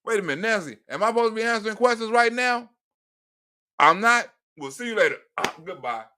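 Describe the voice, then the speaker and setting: A man's voice: high-pitched, animated, a little fast, bright, forceful tone, clean tone. A man putting on a cranky old male president who rambles, curses and stammers through restarts. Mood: dismissive.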